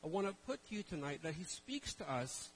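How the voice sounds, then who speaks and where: A man's voice: a little high, sing-song, a little fast, a little hiss or hum, low-quality recording. A middle-aged man preaching a sermon to a live congregation in a conversational way, with self-deprecating jokes and rhetorical questions. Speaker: traveling minister.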